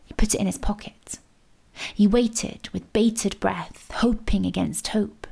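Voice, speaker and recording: A woman reading a children's storybook aloud, her voice slightly gravelly. She builds suspense with expressive, measured narration. Her pitch sits in a middle register.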